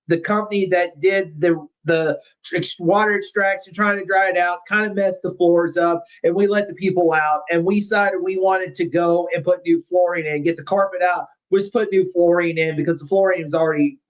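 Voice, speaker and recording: A man with a fairly high voice tells his personal story on a casual livestream. He rambles, restarts and repeats words as he goes, and at times turns emotional. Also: rough recording. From Missouri. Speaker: carnivore diet channel host.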